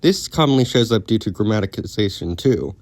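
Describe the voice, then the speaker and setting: Man, lowish voice, scripted explainer narration, steady and informative, dry close mic. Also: fast, no echo. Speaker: educational video creator.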